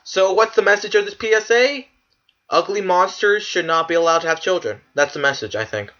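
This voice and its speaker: A man's voice: sits high, a little fast, sharp tone, dull audio, faint music behind. A man giving casual, profane commentary while ranking clips, ranting in disbelief and laughing. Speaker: video creator ranking clips.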